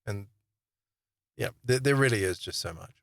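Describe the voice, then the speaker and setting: Gravelly-voiced man musing to camera. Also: lowish voice, lively intonation, moderate pace. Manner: rambling and self-amused, many fillers and restarts. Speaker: online Bible teacher and channel host. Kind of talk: casual monologue to camera.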